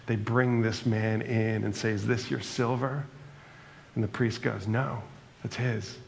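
Guy preaching a sermon, gravelly voice, chatty, reads bible bits out loud. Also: on the low side, steady tone, measured pace, slight background noise. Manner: conversational preaching, reads scripture aloud. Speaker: pastor.

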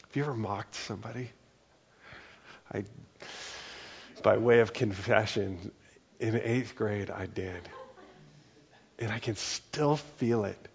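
A man's voice: fairly low pitch, slow pace, gravelly, long pauses, breathy edge, dull audio. A man preaching a sermon, earnest and conversational, often dropping in "like" and "right?" as he talks. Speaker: pastor.

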